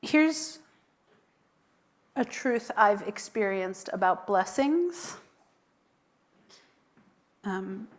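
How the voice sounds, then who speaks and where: A woman rabbi leading a worship service in a synagogue, speaking tenderly and chanting Hebrew blessings. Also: on the high side. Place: synagogue sanctuary.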